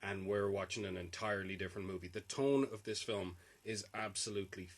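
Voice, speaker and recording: A man's voice: low-pitched, fairly even intonation, fairly quick. Wry man with sarcastic asides. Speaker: podcast co-host. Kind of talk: casual film chat.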